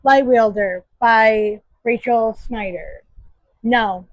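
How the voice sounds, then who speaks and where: A woman's voice: a little high, drawn-out words, dry recording, dull audio. A woman book vlogger casually reviewing her monthly reads, enthusiastic and emphatic.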